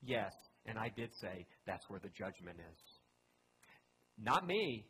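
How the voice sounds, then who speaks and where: A man's voice: fairly low pitch, very animated, slow pace, bright, forceful tone, a little hiss or hum, rough recording. A man pastor giving a conversational sermon, earnest and emphatic, often restarting his phrases.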